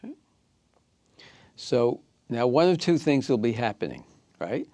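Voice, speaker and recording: A man teaching a recorded class, walking listeners through steps calmly and checking in with "okay?" and "right?". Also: mid-range voice, unhurried, dry recording. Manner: calm step-by-step guidance, often checking in with "okay?" and "right?". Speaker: instructor.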